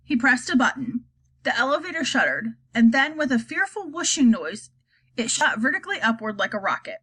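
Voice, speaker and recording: A woman narrating a children's story aloud. Her voice is bright and high, and it rises and falls freely as she tells the story in a lively, expressive way. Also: a little fast, breathy edge, low-quality recording. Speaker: audiobook reader.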